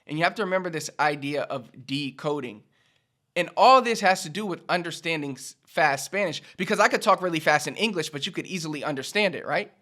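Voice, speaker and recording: A man's voice: a little high, pushed and bright. A man hosting a casual language lesson, chatty and repeating his points. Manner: chatty, repetitive, acts out quick casual speech. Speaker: language teacher, channel host. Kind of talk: casual video lesson to camera.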